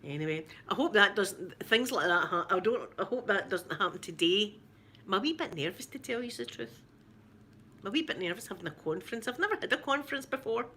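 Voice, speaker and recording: A middle-aged Scottish woman, a mother, chatting casually to camera and telling stories in an animated way, with lots of repeats. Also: mid-range voice, a little fast, a little hiss or hum. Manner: animated storytelling with laughs and repeats. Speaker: vlogger, mother.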